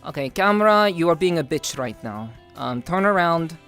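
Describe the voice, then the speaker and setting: A woman streaming live, chatting with her viewers in a deadpan, teasing way with stiff, overly formal phrasing. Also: deep voice, moderate pace, soft background music. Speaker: VTuber streamer. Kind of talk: casual live-stream chat.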